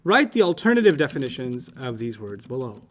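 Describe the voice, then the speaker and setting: A man's voice: mid-range voice, fairly quick, slight background noise. A man teaching Arabic grammar to young students in a casual, playful, teasing way. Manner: playful, teasing, animated explaining.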